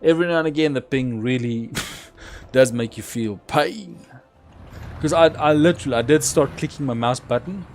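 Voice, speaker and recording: A young man chatting through a live game stream, rambling about his play and breaking into sudden excited shouts. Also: mid-range voice, moderate pace, slight background noise. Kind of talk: live gameplay commentary.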